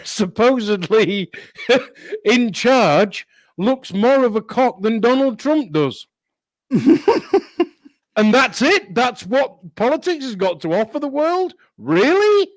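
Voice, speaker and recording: A man's voice: high voice, no echo. A man co-hosting a casual political chat, blunt and swearing freely. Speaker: co-host.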